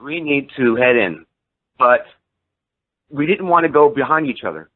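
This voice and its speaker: A man's voice: medium pitch, normal speed. Man telling a story over a tinny phone line. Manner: animated, acts out quoted people with voice shifts. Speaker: podcast guest. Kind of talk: casual storytelling.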